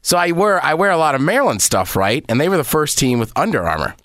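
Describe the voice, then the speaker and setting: A man in his thirties co-hosting a radio show, his pitch jumping up and down a lot as he teases. His voice sits a bit high and sounds close and dry. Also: quick pace, no room sound. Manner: lively, teasing, easygoing. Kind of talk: casual radio banter.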